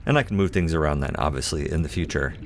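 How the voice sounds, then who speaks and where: A man with a very low voice talks through his gameplay in a loose, chatty way, musing to himself and poking fun at his own choices. A faint hiss sits behind the voice. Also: fast. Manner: self-deprecating, playful. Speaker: let's play host. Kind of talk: casual gameplay commentary.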